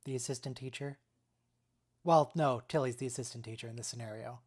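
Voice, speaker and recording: A woman with a very low voice joins a casual chat over a voice call. She drops short, dry, sardonic remarks. Her delivery is deadpan. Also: fairly quick. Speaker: watch-along participant. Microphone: computer mic on a voice call.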